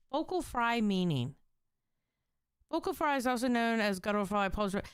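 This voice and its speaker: A woman's voice: on the high side, a bit bright, smooth, no echo, clean studio sound. A young adult woman from Southern California, hosting a reaction stream in blunt, profane, jokey commentary.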